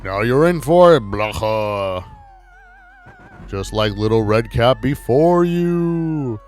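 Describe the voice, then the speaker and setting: A man voicing a menacing male ghost from a video game, speaking in slow, drawn-out taunts. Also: medium pitch, animated, darkish tone, soft background music.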